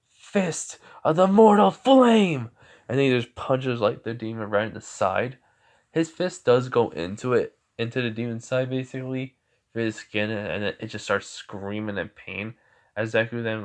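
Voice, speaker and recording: A young man improvising a fan story, rambling with many fillers and self-corrections. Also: on the low side.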